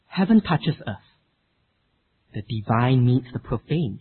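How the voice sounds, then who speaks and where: A man preaching a sermon with an emphatic, expressive delivery. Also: mid-range voice, slow, long pauses, breathy edge. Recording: tinny phone-like sound.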